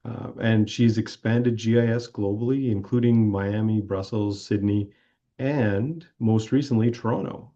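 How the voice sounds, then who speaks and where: A man hosting a business school podcast, introducing his guest in a measured way with occasional fillers. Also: fairly low pitch, dark tone, muffled recording. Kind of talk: podcast interview.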